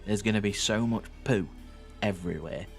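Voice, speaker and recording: A man's voice: fairly low pitch, moderate pace, faint music behind. A young Northern English man narrating his model-building hobby video in a chatty, sweary, joking way. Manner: chatty, swears freely, teasing asides to viewers. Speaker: miniature painting YouTuber. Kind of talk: casual voice-over narration.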